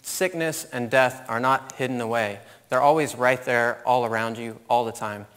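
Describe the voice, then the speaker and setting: A man in his thirties giving a conference talk, telling a personal story in an animated way and laughing at his own story. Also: mid-range voice, normal speed, clear, resonant tone. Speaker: conference speaker. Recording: long hall reverb.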